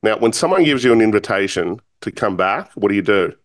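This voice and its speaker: Lower-voiced man telling a lively story. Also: fairly quick, dry recording. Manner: animated storyteller, acts out quoted dialogue. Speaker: speaker telling a personal story. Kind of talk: storytelling talk.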